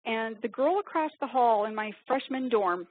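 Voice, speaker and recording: Woman, webinar presenter, fast and self-deprecating, somewhat high pitch, thin phone-line sound. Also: dry recording. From upstate New York. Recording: tinny phone-like webinar audio.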